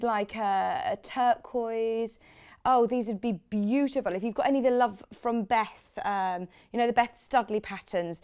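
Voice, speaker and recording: A woman's voice: mid-range voice, darkish tone, smooth. A woman presenting fabrics on live shopping television, chatty and gushing, reading out viewer comments as she talks. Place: TV studio.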